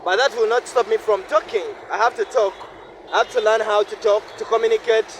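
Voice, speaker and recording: A man with a Ugandan English accent, hoarse from a flu and cough, vlogging in a reflective, repetitive way beside a highway. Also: fairly even intonation, fairly quick. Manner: reflective, repeats phrases, shifts into a deeper voice at times. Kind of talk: casual vlog monologue. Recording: noisy outdoor recording with wind. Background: traffic and wind.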